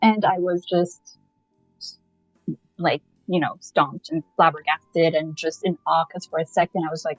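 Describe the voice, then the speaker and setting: A woman from Canada, a podcast guest, telling a personal story in a lively, casual way and laughing often as she goes. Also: low voice, measured pace, dry recording, dull audio, soft background music.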